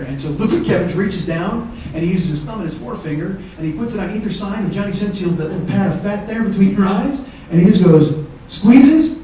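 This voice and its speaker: Man, middle-aged, stand-up storyteller, profane, animated, distant mic, very echoey theater. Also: sits high, fairly quick, a little hiss or hum. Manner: animated, profane, shouts quoted kids' lines. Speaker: stand-up comedian. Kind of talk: live one-man comedy storytelling. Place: live theater stage with audience laughing.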